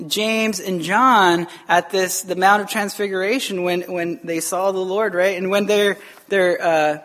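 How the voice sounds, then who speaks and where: A male pastor preaching a casual, conversational sermon in church, lively and full of restarts, acting out the voices he quotes. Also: high voice, unhurried. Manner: casual and chatty, with frequent restarts and laughs. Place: church sanctuary, also streamed online.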